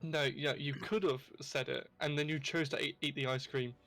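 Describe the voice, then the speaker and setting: A man's voice: on the high side, fairly even intonation, normal speed, fairly bright tone, soft background music. A man playing a tabletop game, often restarting his sentences and teasing the others. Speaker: player. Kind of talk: casual tabletop play.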